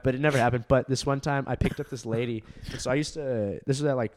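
A young man from Southern California tells a long, rambling story in relaxed podcast chat. He laughs through his lines, leans on filler words and swears freely. His voice sits at a middle pitch. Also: fast talker, few pauses. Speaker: comedian podcast co-host.

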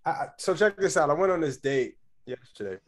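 A man with a somewhat higher voice co-hosts a casual podcast chat. He tells stories in an animated way and swears freely as he goes. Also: a little fast. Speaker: podcast co-host.

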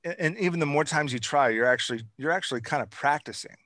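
This male interview host has a fairly high, fast, pushed and bright voice with no echo. He leads a casual conversation in long, repetitive runs, building his points by piling up lists of examples.

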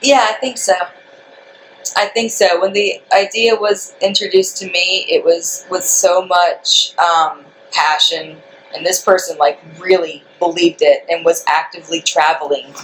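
A woman being interviewed outdoors, giving short, dry answers with deadpan humor. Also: on the low side, measured pace, a little hiss or hum, rough recording. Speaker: interview guest. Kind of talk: casual interview chat. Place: outdoors in front of a store.

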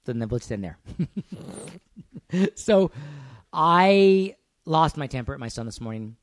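A man's voice: fairly high pitch, expressive, takes it slowly, no echo. A man co-hosting a podcast in casual chat, self-deprecating and playful, laughing often. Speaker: podcast co-host.

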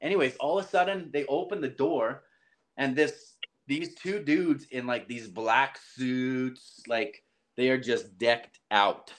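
A young man tells a story as a podcast guest. He talks casually and with lots of life. He jumps up in pitch whenever he acts out a line someone said. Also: slow pace. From southern Alberta, Canada. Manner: animated, acts out quoted lines with big pitch jumps.

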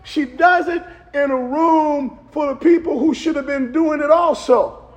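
A man preaching a funeral sermon as pastor, whooping and shouting in a rising chanted cadence. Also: very high-pitched, unhurried, muffled recording. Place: church sanctuary.

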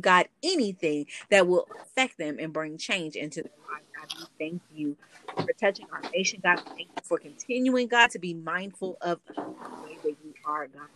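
Fervent low-voiced woman praying. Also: a bit bright, slight background noise. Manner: fervent, repeats "God" between phrases when praying. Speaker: co-host. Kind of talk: spoken prayer and casual chat.

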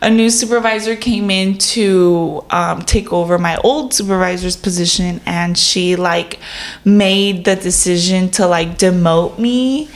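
A woman with a low-leaning voice speaks at a measured pace in a roomy-sounding space. As a podcast co-host, she tells an animated story in casual chat, swearing often and saying "like" constantly.

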